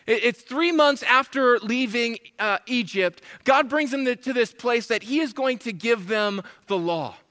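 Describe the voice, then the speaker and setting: A man preaching a sermon, animated, acting out complaints in a whiny voice. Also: very high-pitched, measured pace, hardly any pauses, big-room sound. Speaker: pastor.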